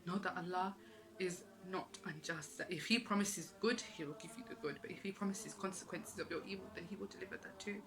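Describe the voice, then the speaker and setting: A woman's voice: on the low side, fairly even intonation, a little fast, creaky, low-quality recording. A woman giving an earnest, emotional religious talk, repeating phrases for emphasis. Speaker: Islamic speaker.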